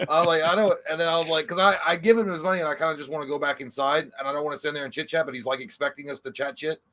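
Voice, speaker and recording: A man's voice: fairly high pitch, fairly even intonation, sharp tone. A man co-hosting a livestream, telling rambling comic stories and slipping into mocking impressions. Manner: fast, rambling storyteller, slips into mocking impressions. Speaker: livestream co-host. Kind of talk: casual comedic banter.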